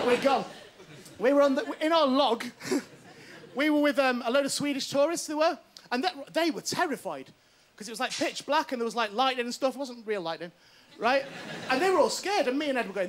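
A man's voice: very high voice, very animated, quick pace, slight background noise. A male comedian telling a stand-up story before a live studio audience, acting out the voices of the people in it. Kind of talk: stand-up anecdote. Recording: TV studio with loud audience laughter.

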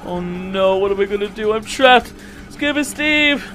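A man voicing a jittery, high-voiced shark hero. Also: lively intonation, unhurried, pushed and bright, soft background music, heavily acted. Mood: flustered rambling. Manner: panicky, rambling, yelps and stammers when scared. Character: anxious, talkative young male shark hero. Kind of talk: Minecraft role-play voice acting.

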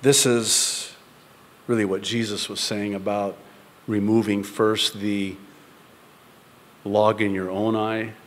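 A male pastor preaching a sermon to a congregation in a church, moving from loud, high-pitched exhortation down to soft whispers. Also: level tone, slow, pauses often, long reverb tail, a little hiss or hum. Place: church before a live congregation.

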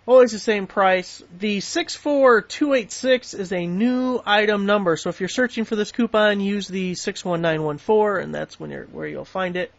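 A man's voice: high voice, normal speed, vocal fry, hardly any pauses, no room sound, muffled recording. A man hosting a tool deals channel, talking casually and bluntly with plenty of swearing as he goes through coupons. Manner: blunt, profane, easily riled. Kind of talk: casual vlog rant and coupon rundown.

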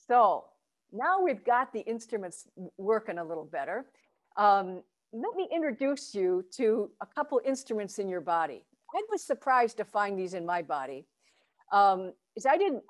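A woman teaches Zen chanting over a video call. She encourages her students with light laughter and demonstrates chants along with low vowels sounded from the belly.

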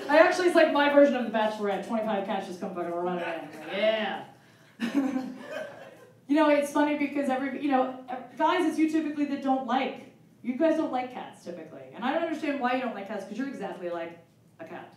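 A woman's voice: animated, a little fast. Woman doing stand-up in an echoey hall. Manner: self-mocking, punchy, jumps into loud high character voices. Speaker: stand-up comedian. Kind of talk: stand-up comedy set. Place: stage at a benefit show. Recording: very echoey venue, mic from a distance.

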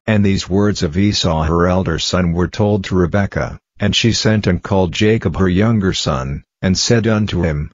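A man reading scripture aloud in a measured, solemn way for an audiobook. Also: deep voice, no room sound. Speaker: Bible audiobook reader. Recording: dull lo-fi, dry.

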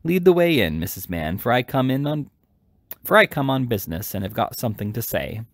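A man's voice: medium pitch, very animated, brisk, gravelly, no echo, clean studio sound. A man reading aloud and voicing a fat, hot-tempered, self-important parish beadle with grand, pompous phrasing. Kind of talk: amateur audiobook reading.

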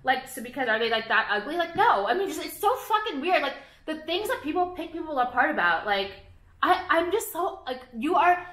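Brief: young woman vlogger, bright and sharp voice, rambling profane rants, echoey room. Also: sits high, big pitch swings, brisk. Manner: rambling, profane, irritated, lots of "like". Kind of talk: casual ranting vlog.

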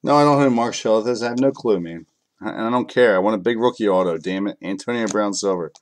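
A man's voice: on the low side, quick pace, a little hiss or hum. A man hosting a live sports card break, calling out cards in a frustrated, cursing, grumbling way. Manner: frustrated, profane, grumbling between card calls.

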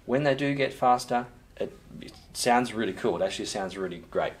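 A man's voice: medium pitch, a little fast, a little hiss or hum. A man teaching a recorded percussion lesson, explaining technique patiently and counting in before calling out patterns. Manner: calls out sticking patterns loudly over drumming, then explains calmly. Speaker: music teacher. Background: drum playing.

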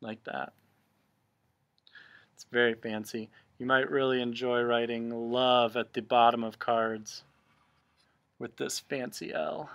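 A man's voice: medium pitch, fairly even intonation, slow pace, creaky, long pauses, a bit bright. A man teaching a remote cursive handwriting lesson, explaining each stroke patiently, step by step.

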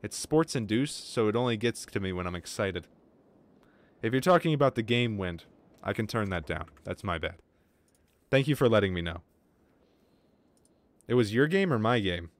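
A man's voice: fairly low pitch, expressive, normal speed, pauses often. A man streaming a game live, chatting casually with viewers in a rambling, joking way and swearing freely, with some wheezy breathing. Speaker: gaming streamer. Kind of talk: casual livestream chat.

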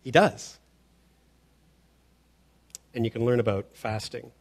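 A man's voice: medium pitch, slow, creaky. A man preaching a sermon as pastor, earnest and emphatic, often stammering on the start of a word. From Canada.

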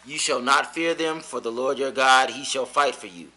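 A man reading scripture aloud in a steady, measured way. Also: mid-range voice, rough recording. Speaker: scripture reader.

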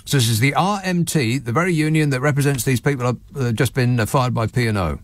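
A man hosting a late-night radio phone-in, delivering a sarcastic, mocking monologue with lively asides. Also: mid-range voice, quick pace, dry recording. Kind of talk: sardonic talk radio monologue.

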